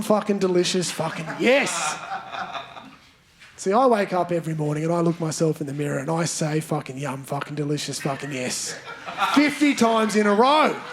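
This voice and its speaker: A man performing stand-up comedy in a theatre, teasing audience members and leading the crowd in chants. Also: high-pitched. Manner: playful, banters with audience members, leads chants. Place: large theatre stage. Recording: live theatre recording with crowd noise. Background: audience laughter.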